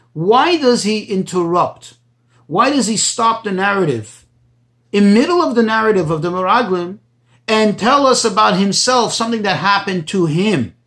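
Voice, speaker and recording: A man teaching a Torah text as a rabbi, explaining slowly and translating Hebrew phrases into as he goes. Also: high voice, a bit bright. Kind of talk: Torah study tutorial.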